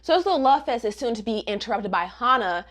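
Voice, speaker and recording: Sassy woman host, lively and bright, slangy comic commentary. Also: on the high side, quick pace, a little hiss or hum. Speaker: manga reviewer. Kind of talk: casual comic recap.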